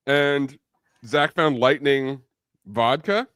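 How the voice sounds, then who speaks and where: A man's voice: medium pitch, slow, a bit bright, smooth, no echo. A man hosting a podcast mailbag in casual chat with dry, wry banter. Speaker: podcast host.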